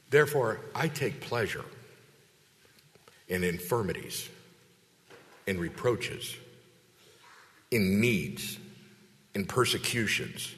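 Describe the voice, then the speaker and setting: A man preaching a sermon as a pastor, lively and conversational, acting out quoted voices with big jumps in pitch. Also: slow pace, long pauses. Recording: long hall reverb.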